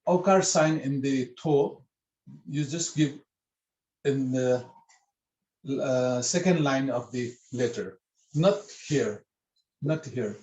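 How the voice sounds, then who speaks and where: A man's voice: mid-range voice, slow pace, long pauses, darkish tone, echoey room, poor audio. A man teaching a writing script in an online lesson, explaining patiently and repeating himself with many fillers over a video call.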